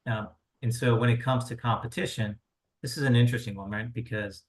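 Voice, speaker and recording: A man hosting a webinar, giving advice in a relaxed way that leans on "you know" and "right?". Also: medium pitch, fairly quick. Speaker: webinar host. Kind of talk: casual webinar presentation.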